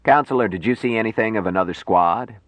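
A man's voice: on the low side, fast talker, dry recording, voice pushed up, natural voice. A man voicing a stern older male head of government who speaks curtly and commands. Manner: curt, commanding.

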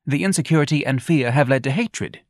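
A man's voice: mid-range voice, fairly quick, no echo, clean studio sound, pitched above the performer's own voice, close to an everyday voice. A man voicing a wealthy middle-aged wife who lectures insistently and needles her husband. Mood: lecturing.

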